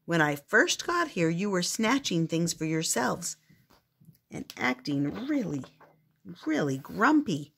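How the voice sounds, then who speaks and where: A woman's voice: fairly low pitch, big pitch swings, slow, gravelly, fairly bright tone, husky, exaggerated voice. Older woman voicing a patient, brave young girl. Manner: firm, patient, explaining. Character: brave, kind young girl standing up to trolls.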